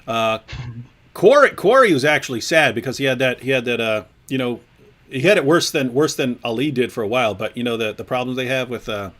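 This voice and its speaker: Rapid, animated man hosting a video hangout. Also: medium pitch. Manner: animated, quick restarts and repeated words. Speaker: host. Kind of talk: casual group video chat. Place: home during quarantine, on a video call.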